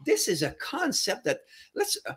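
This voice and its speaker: A man's voice: high-pitched, wildly swooping pitch, normal speed, fairly bright tone, slightly rough. A French-Canadian man hosting a podcast interview, upbeat and encouraging, with hesitant fillers. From Ontario, Canada. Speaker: podcast host.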